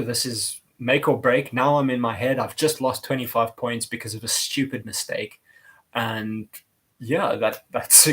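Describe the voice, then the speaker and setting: Male motorcycle vlogger, casual and rambly, chatty storyteller. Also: mid-range voice.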